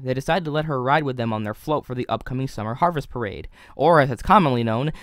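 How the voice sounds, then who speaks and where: A young man with a mid-range voice reads a scripted video review, analytical and dotted with wry asides. The recording is dry and close, with no echo or room sound.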